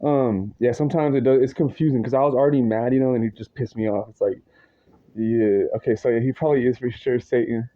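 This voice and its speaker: A worked-up man rants to the camera in a long, rambling monologue, swearing freely and tossing in slang as he circles back over his point. His voice sits in an ordinary middle pitch. The audio is dull and a little lo-fi. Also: fairly even intonation, quick pace. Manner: agitated, profane, rambling with slang asides.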